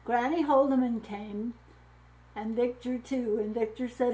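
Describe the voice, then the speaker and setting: A woman reading a missionary story aloud to children, expressive and drawing in her listeners. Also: on the high side, unhurried, rough recording. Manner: expressive, engaging the listeners with questions.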